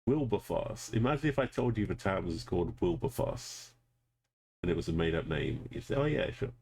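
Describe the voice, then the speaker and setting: A man's voice: low voice, lively intonation, moderate pace, creaky, darkish tone. A man streaming a geography game, thinking aloud casually and greeting viewers in chat. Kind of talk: casual live gameplay commentary.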